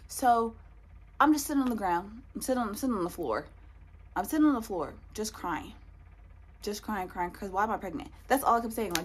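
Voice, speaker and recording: A young woman telling a personal story in a storytime vlog, animated and repeating lines for emphasis. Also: medium pitch, moderate pace, long pauses, husky. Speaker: vlogger.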